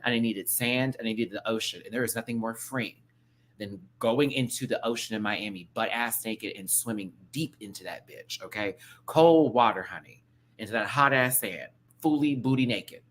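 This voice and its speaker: A man hosting a casual live-stream review, ranting to his viewers in a sassy, slangy, animated way that swings between loud bursts and soft asides. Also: medium pitch. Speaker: show review host.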